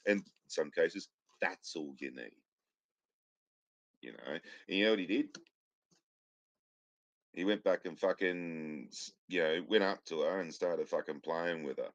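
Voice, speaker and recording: A very deep-voiced man rambles through a casual podcast chat, swearing freely. His voice is bone-dry and close, with a slightly dull, lo-fi edge to the sound. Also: a little slow, long pauses, no room sound. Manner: profane, rambling storyteller. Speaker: podcast co-host.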